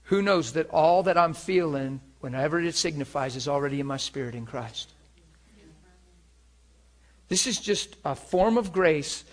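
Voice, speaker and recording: A man with a high voice delivers a sermon built around his own testimony. He tells it with animation, dropping to a near hush and then swelling loud, and chuckles often as he goes. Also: normal speed, long pauses. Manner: animated storytelling, swings between hushed and loud; chuckles often while speaking. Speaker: preacher.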